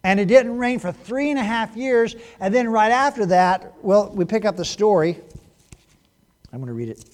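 A male pastor giving a sermon in a conversational way, moving between hushed moments and animated bursts. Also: high-pitched, moderate pace.

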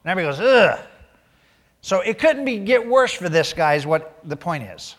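A man preaching a sermon, reading scripture aloud and growing loud and emphatic as he drives points home. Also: high-pitched, sing-song, fast, long reverb tail. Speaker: pastor.

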